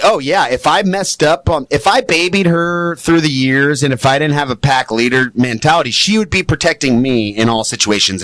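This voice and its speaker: A man talking as a dog trainer guest on a studio podcast, animated and explaining with acted-out examples. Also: no room sound. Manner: animated, acts out high excited voices when quoting owners. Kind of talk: podcast interview.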